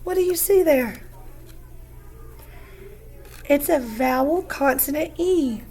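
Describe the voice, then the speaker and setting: Slow, patient high-voiced woman teacher. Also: animated, a little mellow. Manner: slow, patient, encouraging, repeats words aloud. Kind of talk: phonics lesson for young students.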